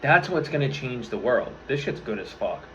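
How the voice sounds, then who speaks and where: A New York-area vlogger in his twenties speaks at a moderate pace with a medium-pitched, sharp, very animated voice. In this casual motivational talk to camera he rambles earnestly, swears a lot and restarts sentences. Faint room ambience and a little hiss or hum sit in the slightly dull lo-fi recording.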